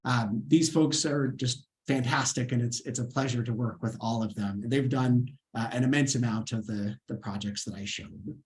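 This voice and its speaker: A man's voice: medium pitch, normal speed, few pauses, darkish tone. A man, a scientist, giving an earnest lecture over a video call webinar and answering questions, with frequent fillers and restarts.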